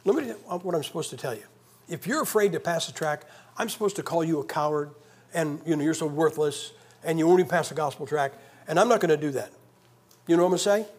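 A man's voice: on the high side, fast. A man preaching a sermon in a church, conversational and emphatic, with joking asides. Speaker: guest preacher.

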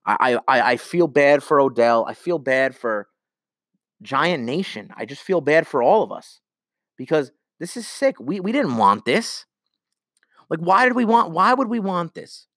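A fired-up young man rants on his sports podcast, cursing and circling back to the same points again and again. His voice sits a little high for a man. The sound is close and dry, with no room around it. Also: very animated, unhurried, a bit bright, dry recording. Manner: heated, swearing, repeats himself. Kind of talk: solo sports rant.

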